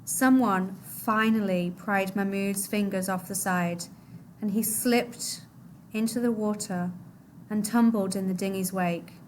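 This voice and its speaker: A woman reading a novel aloud to a class, expressive, her voice dropping low and soft at the sad moments. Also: a little slow, slight background noise.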